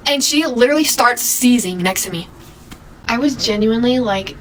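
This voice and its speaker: A young woman in her twenties casually retelling an awkward story, animated and chatty, acting out quoted lines. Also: fairly high pitch, a little fast, slight background noise, low-quality recording.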